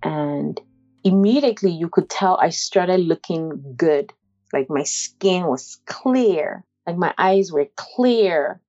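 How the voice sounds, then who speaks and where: Young woman, lower-pitched, candid first-person testimony, halting and conversational, slightly muffled lo-fi sound. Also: animated, mellow. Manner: halting, conversational, many "like" fillers and restarts. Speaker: interviewee sharing a personal story.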